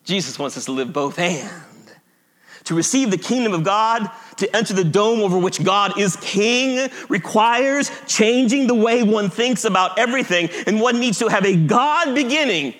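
High, lively-voiced male preacher. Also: normal speed. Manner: emphatic, repeats key phrases, chuckles at himself. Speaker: pastor. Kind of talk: sermon.

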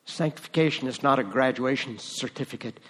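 A man's voice: mid-range voice, fairly quick, a bit bright, husky, long reverb tail. A man preaching a sermon as pastor, conversational and rising to emphatic moments.

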